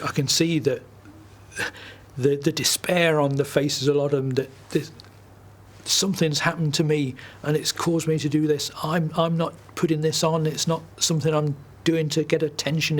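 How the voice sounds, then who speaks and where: Man, husky voice, speech researcher, explaining in an interview. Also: a little high, flat delivery, moderate pace. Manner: thoughtful, with fillers and restarts.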